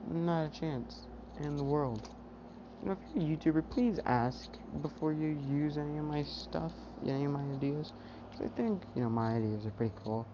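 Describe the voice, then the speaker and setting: A man's voice: a little high, normal speed. A young man casually retelling a fan story on YouTube, rambling and full of fillers. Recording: dull, noisy home mic.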